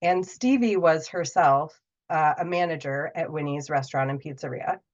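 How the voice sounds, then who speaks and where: A woman tells a personal story in a relaxed, conversational way. Her voice sits a little low, and she livens up when she voices the people in it. The audio is dull and muffled. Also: moderate pace. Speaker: podcast guest, storyteller.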